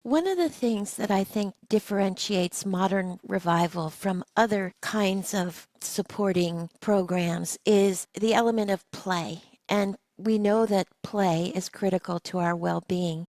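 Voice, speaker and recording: A woman co-hosting a wellness podcast, telling stories in a lively way and laughing easily. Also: mid-range voice, a little slow, few pauses, no echo. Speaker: podcast co-host. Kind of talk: conversational interview chat.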